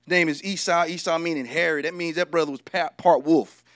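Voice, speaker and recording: A male preacher giving a lively, humorous sermon and talking directly to the congregation. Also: fairly high pitch, fairly quick, dry recording, clean studio sound.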